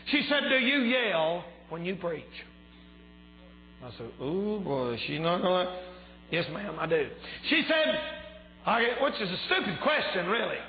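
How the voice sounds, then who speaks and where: Fervent preacher, high and echoey. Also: male voice, very animated, unhurried, slight background noise. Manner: fervent, shouting preaching with rising outbursts. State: strained voice. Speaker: pastor. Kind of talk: revival sermon. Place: church. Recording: echoey church hall, tinny phone-like sound.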